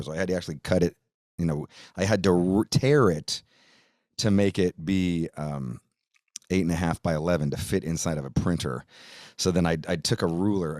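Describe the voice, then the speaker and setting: A man's voice: low voice, darkish tone, no echo, studio quality. A middle-aged man, hosting a podcast and telling a long casual story, rambling and profane, saying "dude" and "like" a lot. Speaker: podcast host.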